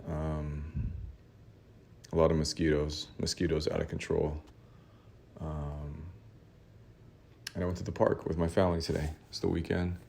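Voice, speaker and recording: A man casually telling a rambling, self-mocking story, with laughs and shouted re-enactments. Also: extremely low pitch, flat delivery, measured pace, vocal fry, pauses often, slight background noise. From Los Angeles area. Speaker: artist telling a story to his audience.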